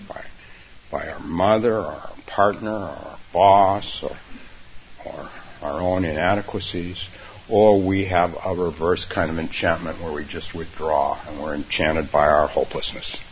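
A man's voice: low-pitched, fairly even intonation, a little slow. A man giving a dharma talk as a meditation teacher, speaking unhurriedly and repeating his phrases. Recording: dull recording with faint hiss.

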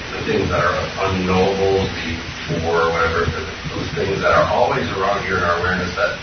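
Low-voiced man, hesitant rambling question, heard from far off in a reverberant, noisy room. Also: muffled recording. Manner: hesitant, rambling, many fillers. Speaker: student asking a question. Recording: distant, echoey, noisy room mic.

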